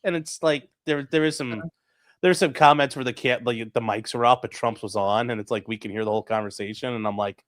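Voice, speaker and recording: A man hosting a casual livestream chat, talking in an animated, mocking way and swearing freely. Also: mid-range voice, a little fast. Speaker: host.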